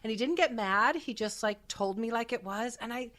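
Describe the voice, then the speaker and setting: A woman's voice: on the high side, moderate pace, fairly bright tone, a little hiss or hum. A woman in her forties hosting a podcast, talking thoughtfully and earnestly in casual chat. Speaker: podcast host.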